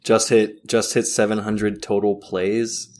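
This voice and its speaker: Podcast cohost guy, lowish voice, deadpan jokes and cussing. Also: a little slow. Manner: jokey, deadpan asides, swears. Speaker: podcast co-host. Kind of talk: casual podcast chat.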